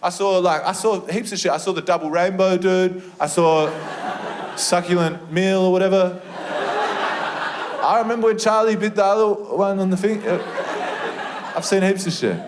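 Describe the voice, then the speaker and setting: A young man with an Australian accent performing a stand-up set, telling an animated, sweary story and breaking into shrieked impressions. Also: high-pitched, normal speed, long pauses, noisy background. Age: young adult. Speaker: stand-up comedian. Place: comedy venue stage with a live audience. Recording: live room with audience laughter.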